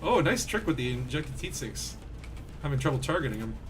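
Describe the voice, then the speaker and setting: A young man giving animated gameplay commentary as a streamer, yelling when things get exciting. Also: medium pitch, brisk, background noise. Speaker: game streamer.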